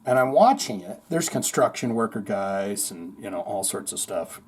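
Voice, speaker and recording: A man hosting a podcast, telling a long story in a rambling, animated way, full of swearing and acted-out quotes. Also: fairly low pitch, normal speed, slightly rough. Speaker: podcast host. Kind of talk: casual storytelling monologue.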